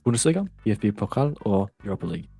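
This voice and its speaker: Man, quiz host, husky voice, playful, rambling, faint music behind. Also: fairly low pitch, very animated, rapid-fire, mellow. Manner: playful, rambling, jokey asides. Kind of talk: casual podcast quiz hosting.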